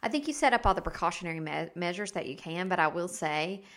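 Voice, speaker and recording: Woman, co-host, low voice, relaxed, agreeable, casual chat. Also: quick pace. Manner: relaxed, agreeable, many yeahs and mm-hmms. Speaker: podcast co-host.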